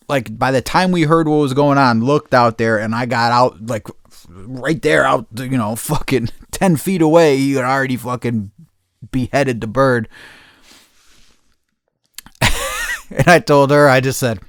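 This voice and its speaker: A man's voice: fairly high pitch, unhurried, dry recording, studio quality. A man hosting a podcast, telling a rambling story with constant swearing and frequent laughter. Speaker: podcast host. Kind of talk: casual storytelling.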